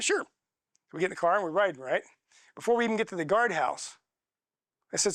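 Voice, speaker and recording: A man's voice: fairly high pitch, expressive, quick pace, pauses often, dry recording, studio quality. A middle-aged man teaching a church class, telling stories in a folksy, chatty way and acting out both sides of the dialogue. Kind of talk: storytelling class talk.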